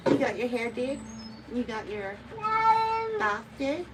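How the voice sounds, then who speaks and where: A woman's voice: fairly high pitch, measured pace, long pauses, heavy background noise. A woman cat groomer chatting on a live stream, cooing baby talk to the cat she grooms.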